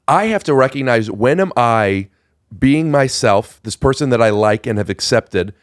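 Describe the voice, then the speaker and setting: A podcast host, a man, who thinks out loud and stops to restart his sentences as he works toward a point. His voice is mid-pitched and very lively, rising and falling a lot as he asks probing questions. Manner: reflective, searching, halting restarts, probing questions. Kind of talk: casual podcast chat.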